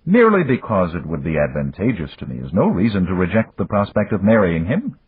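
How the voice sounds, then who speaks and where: A cold, powerful father speaks sternly and commandingly, as a male audiobook narrator plays him. The voice is very husky with lively pitch. It sounds dry and tinny, like a phone line. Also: fairly quick, heavily acted. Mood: scolding. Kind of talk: audiobook character voice.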